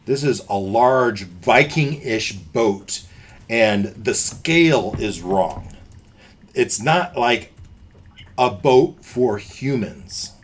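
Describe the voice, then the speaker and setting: Slow-paced man narrating as game master. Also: mid-range voice, animated, breathy edge.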